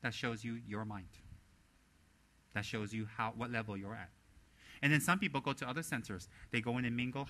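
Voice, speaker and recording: Bright-voiced, blunt Buddhist teacher. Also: male voice, mid-range voice, brisk, pauses often, a little hiss or hum. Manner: animated, blunt, mimics others' voices. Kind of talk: dharma teaching.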